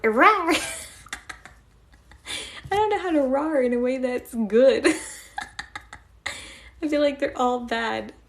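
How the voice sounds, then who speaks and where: A woman's voice: high-pitched, takes it slowly, long pauses, darkish tone. A young woman live-streaming, chatting casually and giggling as she thanks her viewers.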